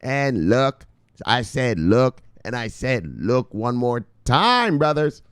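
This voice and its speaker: A man hosting a rowdy daily news show with a very lively, jumping pitch. He yells and swears, then drops to low mutters, and his voice sits dry and close with no room around it. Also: takes it slowly, clean tone, no room sound. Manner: shouts bursts of "Bang!", swears, hypes his viewers. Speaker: crypto news show host. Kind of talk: excitable casual news show with profanity.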